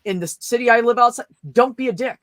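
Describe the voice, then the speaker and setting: Profane, animated woman telling a story. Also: fairly high pitch, fast, no room sound, clean studio sound. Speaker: show host. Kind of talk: casual group chat.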